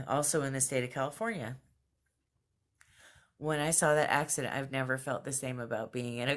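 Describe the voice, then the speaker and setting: A woman talking casually to camera in a video journal at home, earnest and thoughtful, with fillers and soft laughs. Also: extremely low pitch, moderate pace, pauses often. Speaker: vlogger. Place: at home, just out of bed.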